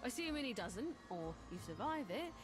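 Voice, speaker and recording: A bored elf wizard with a flat, sly delivery. It is video game dialogue. Clear music plays behind her. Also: on the high side, normal speed. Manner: monotone, sly.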